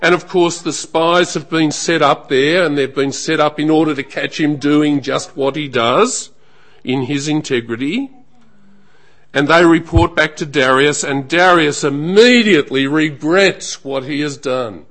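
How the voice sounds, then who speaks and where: A man preaching a sermon in a measured, emphatic way, letting phrases trail off softly at the end. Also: on the high side.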